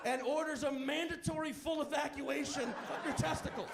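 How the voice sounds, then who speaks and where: A man performing a stand-up comedy routine, telling a story with animated delivery and acting out the people in it. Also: very high-pitched, normal speed, vocal fry, very noisy. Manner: animated storytelling, acts out characters, shouts punchlines.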